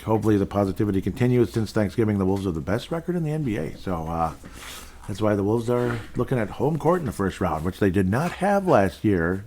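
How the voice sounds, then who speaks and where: Low-voiced man rambling through sports talk. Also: darkish tone. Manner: rambling, jokey asides; self-deprecating. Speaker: podcast host. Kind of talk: casual solo sports talk.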